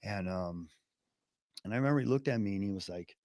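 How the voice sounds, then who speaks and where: A man's voice: brisk, darkish tone, dry recording, clean studio sound. A young man as an interview guest, speaking in an earnest, reflective way. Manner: earnest, low-key, reflective. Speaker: guest in recovery. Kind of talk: casual interview chat.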